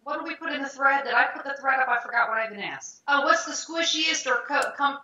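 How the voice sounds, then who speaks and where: A woman co-hosting a knitting podcast who tells stories in an animated way and acts out what people said. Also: high-pitched, quick pace. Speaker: podcast co-host. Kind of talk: casual storytelling chat. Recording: echoey, dull lo-fi sound.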